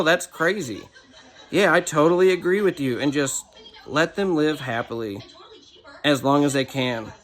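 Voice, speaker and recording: Young male vlogger, slightly high voice, venting bluntly with plenty of swearing and filler words. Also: fairly bright tone. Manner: blunt and profane, with frequent "like" and "dude". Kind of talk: emotional personal rant.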